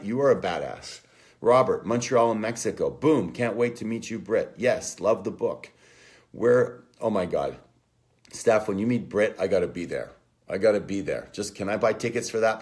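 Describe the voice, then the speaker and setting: A man hosting a live online coaching session, giving an energetic, profane motivational talk and calling out viewers by name. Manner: energetic, profane, shouts names and "boom".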